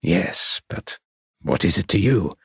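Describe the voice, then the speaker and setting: A man's voice: low-pitched, animated, slow pace, vocal fry, slightly rough, no echo, studio quality, pitched below the performer's own voice, exaggerated voice. A man reading the part of an aging, reclusive French painter who is guarded and grieving, speaking in a muttering way. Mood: sullen. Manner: muttering, guarded, then anguished.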